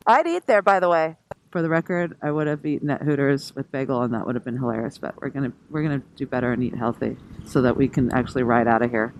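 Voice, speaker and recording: A woman's voice: extremely low pitch, fast, low-quality recording. Woman motovlogger, rambling casual chatter, laughs a lot, recorded on the road with engine and wind noise. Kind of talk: casual chat while riding. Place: on a scooter on the road outdoors. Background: traffic and engine noise.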